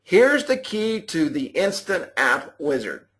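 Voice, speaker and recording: A sales trainer for a mobile app business runs a live webinar, folksy and repetitive, addressing listeners directly. His slightly high, fairly bright voice swings widely in pitch at a slow pace, and the audio clips.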